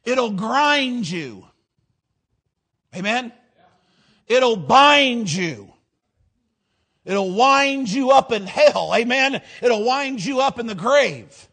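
A male preacher, delivering a fiery sermon in rhythmic, rhyming bursts and shouting on key lines. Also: extremely high pitch, expressive, drawn-out words, long pauses.

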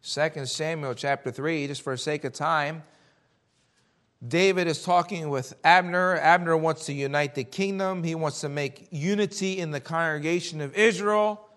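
A man preaching a sermon and reading scripture, throwing out rhetorical questions and swinging between loud emphasis and hushed warnings. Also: fairly high pitch, normal speed. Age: adult, Army veteran.

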